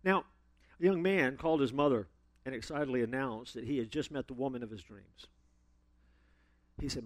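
A man preaching a sermon, telling stories with sudden loud emphasis and playful asides. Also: medium pitch, normal speed, long pauses, dry recording.

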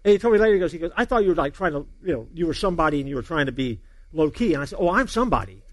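Middle-aged male pastor, high voice, very expressive storyteller, dry close sound. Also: racing, no room sound. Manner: animated storyteller, acts out dialogue, laughs along. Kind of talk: sermon with a humorous personal story.

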